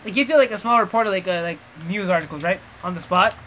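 A man rambles through a loose gaming chat, swearing freely and stalling to hunt for words. His voice is bright and cutting, with faint background noise. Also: high voice, fast talker. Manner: rambling and profane, often searching for words.

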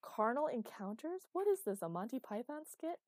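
A woman's voice: mid-range voice, lively intonation, warm tone, no echo. A woman voicing a sarcastic young joker. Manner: sarcastic and quick to interrupt.

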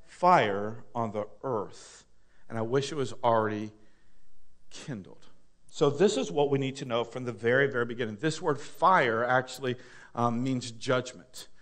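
A man preaching a sermon as pastor, reading scripture slowly and pausing for the congregation to call out the missing words, then joking and swinging between loud and soft delivery. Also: mid-range voice.

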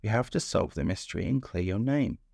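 A man's voice: on the low side, expressive, brisk, creaky, darkish tone, dry recording, clean studio sound, full character voice. A man voicing a brave, kind little female bee in a bedtime storybook, speaking with determination. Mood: determined. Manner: determined, earnest.

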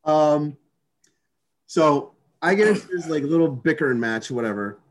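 Guy in a casual chat, kinda high voice, rambling w lots of restarts and swearing. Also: expressive, normal speed. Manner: rambling, profane, many restarts and fillers.

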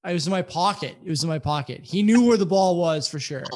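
A man casually telling a rambling, profane story to friends on a podcast, animated and full of asides. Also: high-pitched, quick pace.

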